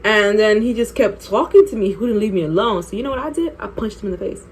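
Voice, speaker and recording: A young woman vlogger telling an animated, profane story while doing her makeup. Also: mid-range voice, fast talker, husky. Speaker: beauty vlogger.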